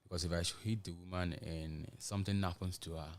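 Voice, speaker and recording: A man with a Nigerian English accent, talking in earnest and halting chat on a gospel radio show, restarting often and slipping into pidgin. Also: low voice, fairly even intonation.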